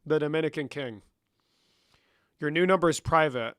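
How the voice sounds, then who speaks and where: With a slightly high, somewhat bright voice at normal speed, a young man chats casually on a live stream. He jokes and swears with viewers, answers chat questions out loud, and switches between English and Spanish. The studio-quality recording has no room sound.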